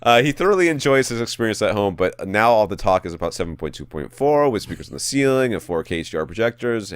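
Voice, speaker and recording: A man's voice: on the low side, very animated, fast, clean tone, no room sound. A man co-hosting a podcast, chatting casually and reading a listener's letter with joking mock drama. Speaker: podcast co-host. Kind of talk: casual chat.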